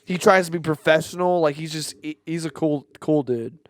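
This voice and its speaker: A man's voice: a little high, normal speed, no room sound, studio quality. A man co-hosting a podcast who rambles, searches for words and laughs easily in casual chat. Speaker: podcast co-host.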